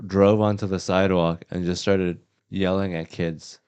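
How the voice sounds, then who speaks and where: A man's voice: deep voice, flat delivery, moderate pace, darkish tone, clear, resonant tone, muffled recording. A man hosting a casual chat and reacting to his guest with short quips. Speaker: host.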